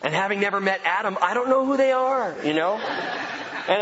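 A man preaching a sermon as pastor, emphatic and animated, repeating key phrases for effect. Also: high-pitched, moderate pace, crowd noise. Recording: dull sound with long hall reverb.

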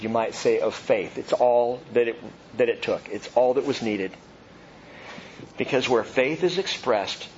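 Pastor preaching a verse-by-verse sermon. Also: male voice, medium pitch. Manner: expository, reads scripture then comments. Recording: dull lo-fi sound with faint noise.

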